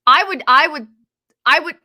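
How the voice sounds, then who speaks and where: A woman co-hosting a casual sports chat, excitable, often trailing off and restarting mid-sentence. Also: sits high, normal speed. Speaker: podcast co-host.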